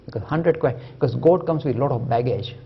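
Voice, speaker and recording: A male lecturer giving a public lecture, telling stories and jokes in an animated way and acting out the quotes. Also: mid-range voice, brisk, creaky, husky, lo-fi sound. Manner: animated, joking, acts out quotes. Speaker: lecturer on religion and science. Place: lecture hall at a university.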